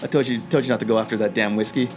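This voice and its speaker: A man voicing a cloaked female tiefling rogue who scolds sarcastically and talks quickly. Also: on the low side, fairly even intonation, soft background music, voice pushed down, lightly acted. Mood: scolding.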